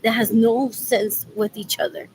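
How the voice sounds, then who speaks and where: With a fairly high, slightly mellow voice, a Puerto Rican vlogger talks a little slowly and in a level tone while running errands. Her rambling vlog mixes English and Spanish and repeats "what else" constantly. The audio is poor, with a little hiss or hum.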